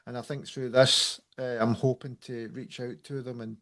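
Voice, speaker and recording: A man of middle pitch hosting a casual interview. He talks hesitantly, pausing and restarting as he works toward his question. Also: level tone, fairly bright tone. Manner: hesitant, many fillers and restarts. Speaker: podcast host, photographer.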